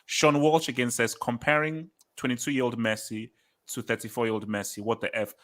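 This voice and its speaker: A man's voice: medium pitch, level tone, normal speed, fairly bright tone. Emphatic, argumentative British man. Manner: emphatic, argumentative, repeats points for effect. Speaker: host of a football show reading live chat. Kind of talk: animated live-stream football talk.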